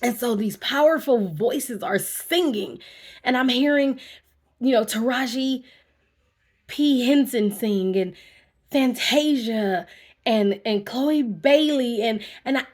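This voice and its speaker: A woman who works as a therapist talks to camera in a casual, animated way, telling a personal story. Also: on the high side, slow pace. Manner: animated, conversational, acts out her own reactions. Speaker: vlogger.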